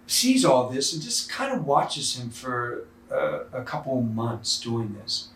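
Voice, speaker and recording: A man's voice: medium pitch, reverberant, distant mic, a little hiss or hum. A male priest giving a sermon in a conversational storytelling way with fillers, in a church.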